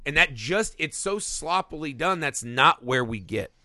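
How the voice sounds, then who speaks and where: A man riffs on a movie he disliked with a bright, animated voice that swings up and down in pitch and keeps acting out what the characters say. He swears often and talks as a podcast co-host. The sound is dry and close. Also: measured pace, dry recording. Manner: animated, profane, acts out quoted lines. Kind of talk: casual movie review chat.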